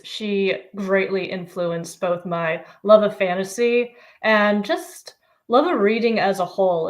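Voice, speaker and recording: Slightly low-voiced woman, enthusiastic guest. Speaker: author guest. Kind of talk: casual interview chat.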